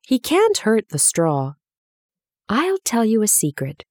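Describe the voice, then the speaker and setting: A woman voicing a friendly, gentle male scarecrow made of straw, earnest, simple and a little sad. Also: a little high, wildly swooping pitch, slow pace, no echo, studio quality, pitched above the performer's own voice, exaggerated voice.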